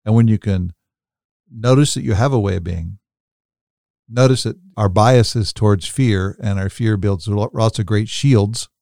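Man, podcast co-host, mellow gravelly voice, thoughtful storyteller, dry close recording. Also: lowish voice, measured pace, dry recording. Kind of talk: reflective podcast talk.

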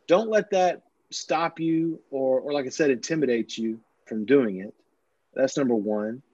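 Male sportswriter guest, higher voice, animated anecdote teller, dry close dull lo-fi recording. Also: no echo. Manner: animated anecdotes with frequent restarts. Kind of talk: casual interview storytelling.

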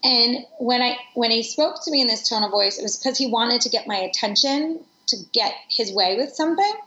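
A woman in her forties tells personal stories in an interview, sounding earnest and reflective. Her voice sits a little high. The room is echoey and the sound is dull and lo-fi. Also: a little fast, sharp tone. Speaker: guest. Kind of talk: conversational interview.

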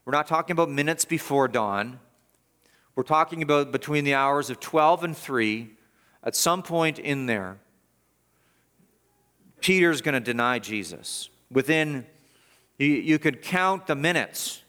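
A middle-aged man preaching a sermon as pastor, emphatic, rising to intense peaks and dropping to quiet asides. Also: fairly high pitch. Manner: emphatic, building to raised intensity and dropping soft.

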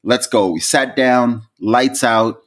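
A male podcast co-host tells a story in loose, unscripted chat. He is animated and swears freely. His voice jumps into high, laughing peaks as he gets into it. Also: takes it slowly.

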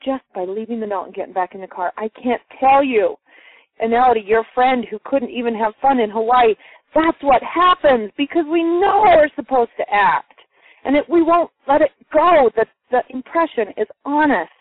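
A woman's voice: high-pitched, normal speed, no room sound. A woman telling a personal story to a group, acting out the voices of the people in it. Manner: lively, acts out quoted voices. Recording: muffled phone-line sound, dry.

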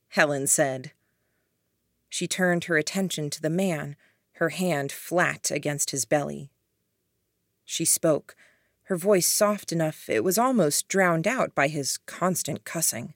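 A woman narrating an audiobook in a measured, even reading style on a close mic. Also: low voice, no echo. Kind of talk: scripted narration.

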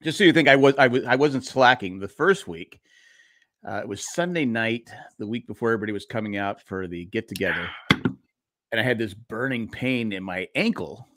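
A man's voice: on the low side, animated, a little fast, fairly bright tone. A middle-aged man co-hosting a podcast, rambling through a story in casual chat with restarts and laughs. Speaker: podcast co-host.

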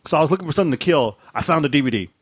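A man telling a story in a casual podcast chat, animated and laughing often as he acts out the scenes. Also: a little high, rapid-fire. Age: adult with a wife and dogs. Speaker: podcast co-host.

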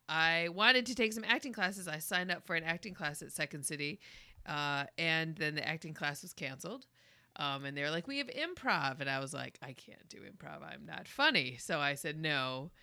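Woman comedian guest, lowish bright voice, lively storyteller, dry close mic. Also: clean tone, no echo. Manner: lively storytelling with frequent laughs. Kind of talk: casual podcast chat.

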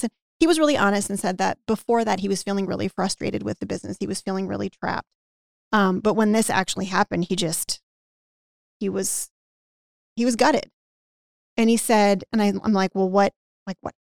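A woman with a gravelly, creaky edge to her voice tells a story on a podcast in a relaxed conversational way. She acts out the other person's lines as she goes and fills her sentences with "like". The sound is close and dry, with almost no room echo. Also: medium pitch, normal speed, long pauses. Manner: animated anecdote-telling with acted-out quotes and frequent "like". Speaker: podcast guest who teaches business owners about hiring and team culture.

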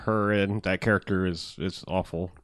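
A man with a somewhat low voice chats casually about a movie, rambling, restarting his sentences and laughing often. The sound is dry and close, with no room around it. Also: steady tone, normal speed, fairly bright tone, no echo. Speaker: podcast host. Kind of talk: casual movie review chat.

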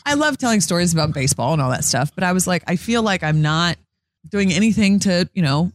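A woman's voice: fairly low pitch, expressive, fairly quick, no room sound, studio quality. A young woman, a sports TV reporter, telling stories in an earnest, chatty way, full of "like" fillers and acted-out quotes. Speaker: sports TV reporter, interview guest. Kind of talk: casual interview storytelling.

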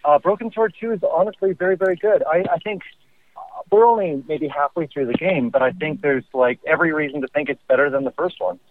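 A man co-hosting a casual podcast over the phone, rambling with restarts and quick laughs. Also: fairly high pitch. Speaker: podcast co-host. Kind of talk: casual chat. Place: in a car on the road. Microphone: mobile phone. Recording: tinny phone line.

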